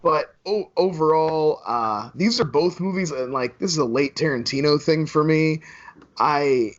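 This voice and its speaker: A man's voice: a little high, a little slow. A man co-hosting a film podcast, chatting casually with a wry, joking manner over a laptop call. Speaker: podcast co-host. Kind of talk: casual chat. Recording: dull lo-fi laptop call audio.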